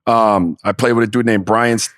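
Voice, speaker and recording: A middle-aged man co-hosting a sports podcast, laid-back and blunt, talking in halting bursts. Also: on the low side, steady tone, a bit bright, no room sound, clean studio sound. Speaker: podcast co-host. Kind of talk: casual chat.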